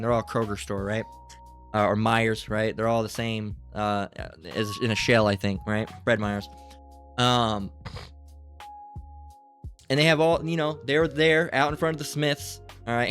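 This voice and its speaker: A man with a mid-pitched voice gives a loose, rambling religious monologue. He peppers his talk with "all right" and "you know", restarts often and swears now and then. Faint music sits underneath. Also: fairly bright tone. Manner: rambling, repetitive, profane, fillers like "all right". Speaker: religious commentator.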